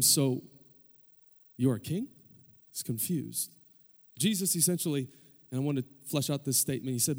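A man with a mid-range, dark-toned voice preaches a sermon in a church sanctuary, the recording full of long hall reverb. Calling on the congregation for amens, he builds in intensity as he goes.

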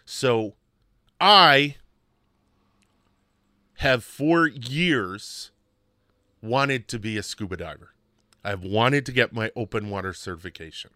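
A man hosting a podcast, telling a personal story in a casual, animated way with emphatic repetition. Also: fairly low pitch, clean tone, dry recording, clean studio sound. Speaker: podcast host.

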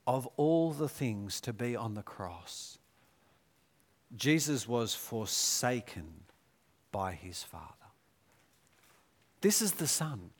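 A man preaching a sermon, moving between hushed, slow passages and raised, intense scripture readings. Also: mid-range voice, sing-song.

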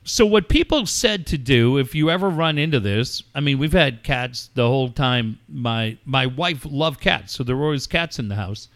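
A man's voice: medium pitch, animated, moderate pace, hardly any pauses, a bit bright. A middle-aged man hosting a radio show, telling a story casually and acting out phone calls in quoted voices.

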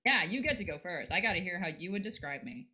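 American woman, podcast co-host, lowish voice, teasing and playful. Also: expressive, fast talker, pushed and bright. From United States. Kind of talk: casual chat.

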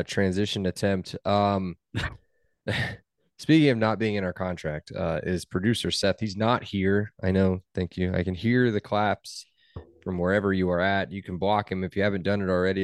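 Young male podcast host, low voice, dry close sound, wry and teasing. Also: steady tone, normal speed, no echo. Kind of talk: casual sports podcast chat.

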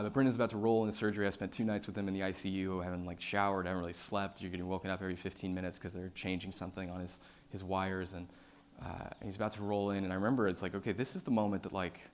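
A man giving a personal storytelling talk on stage. He swings between loud, excited telling and hushed, quiet passages, with many fillers and repeated starts. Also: low voice, a little hiss or hum. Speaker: public speaker.

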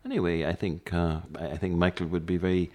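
A man interviewing a poet, asking measured, probing questions with a few fillers. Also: low-pitched, flat delivery, darkish tone.

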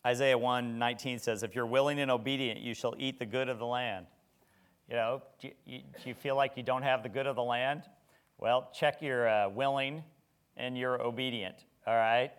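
A man's voice: mid-range voice, fairly even intonation, moderate pace, smooth. A middle-aged man preaching a sermon in a conversational way, with rhetorical questions and frequent restarts. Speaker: pastor.

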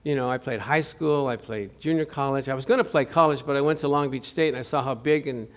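A middle-aged man preaching a sermon as pastor in a church, jokey and animated, acting out the voices he quotes. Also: medium pitch, fast talker.

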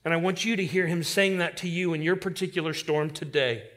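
A male pastor preaching a sermon with passion, swinging from loud declarations to hushed, quiet lines. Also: fairly high pitch, fairly quick.

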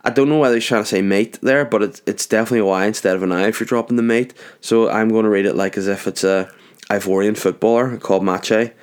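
A man's voice: lowish voice, steady tone, quick pace, clear, resonant tone. A young man hosting his own podcast from his garage, chatting in a jokey, rambling way and going off on tangents. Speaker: podcast host. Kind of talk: rambling solo podcast chat. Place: home garage.

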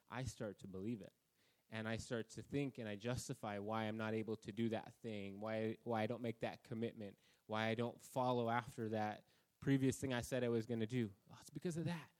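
A man's voice: on the low side, darkish tone. A man preaching a conversational sermon at a church service, telling anecdotes about himself. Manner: casual, self-deprecating, anecdotal. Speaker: pastor.

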